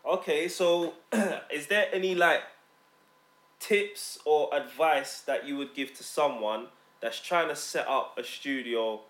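A man's voice: a little high, takes it slowly, a bit bright, roomy sound. A man hosting an interview, asking loose, rambling questions and giving short murmured replies. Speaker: interviewer and studio owner. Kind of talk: casual interview chat.

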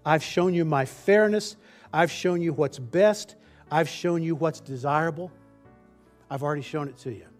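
A man preaching in a loose, conversational way, doubling back on his words as he walks through a scripture verse. His pitch sits a little high for a man. Soft music plays faintly underneath. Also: moderate pace. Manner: conversational, restarts phrases, acts out the people's whining in a raised voice. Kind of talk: sermon.

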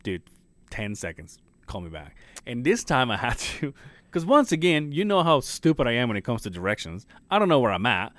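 A man's voice: medium pitch, sing-song, a little fast, a bit bright, no echo. A man co-hosting a podcast, telling a rambling story with a lot of swearing and laughter. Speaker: podcast co-host. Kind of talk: casual chat.

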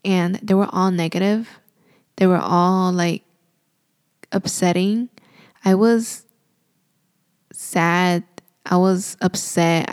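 A woman's voice: mid-range voice, darkish tone, no echo, clean studio sound. A young woman and new mother telling a personal story in a casual, emotional way, full of "like" and "you know".

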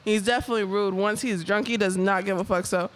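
A woman's voice: mid-range voice, fairly even intonation, quick pace. A young woman co-hosting a podcast, telling stories in a casual, profane, laughing way. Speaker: podcast co-host. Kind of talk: casual chat.

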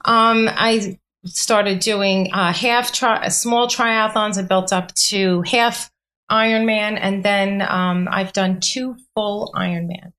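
A woman in her forties talks casually as a podcast guest. She is earnest and heartfelt, telling her story in long runs. Her voice sits at an ordinary, middling pitch. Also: steady tone, slow pace, a bit bright, a little hiss or hum. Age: 40s.

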